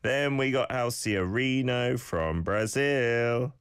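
A man hosting a radio language lesson, encouraging listeners and modelling phrases with lively emphasis. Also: medium pitch, slow pace, smooth, no room sound, studio quality. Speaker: radio host teaching Korean phrases.

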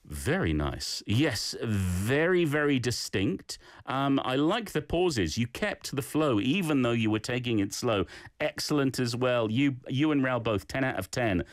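Male radio host, playful and encouraging, animated delivery, dry close studio sound. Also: medium pitch, unhurried, no echo. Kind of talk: hosting a radio language segment.

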